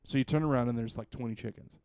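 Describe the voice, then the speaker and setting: A man's voice: mid-range voice, steady tone, quick pace, a little mellow. A young man co-hosting a podcast, ranting about a game in an exasperated, sarcastic way and swearing a lot. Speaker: podcast co-host. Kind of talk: casual game review rant.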